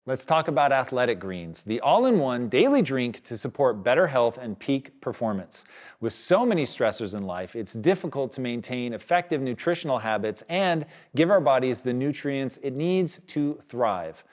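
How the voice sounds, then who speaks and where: A man's voice: medium pitch, very animated, moderate pace. A man reading a sponsor advertisement in an upbeat way. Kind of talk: read advertisement.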